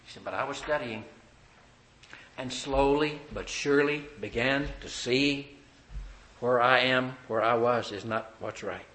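Preacher guy, fired up sermon, punchy bright voice, big room echo. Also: medium pitch, measured pace. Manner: fervent preaching that swells to loud emphatic passages.

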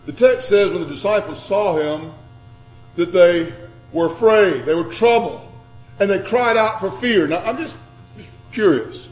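A man preaching a sermon, dramatic, swinging between loud emphasis and quiet scripture reading. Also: sits high, animated, unhurried. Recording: echoey room with mains hum.

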